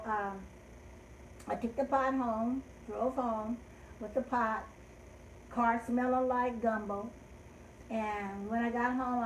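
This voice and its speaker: Older woman host, gentle and heartfelt, fairly high voice, roomy echo. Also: a little hiss or hum. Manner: gentle, heartfelt, trailing off softly. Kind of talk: storytelling and rhymes for children.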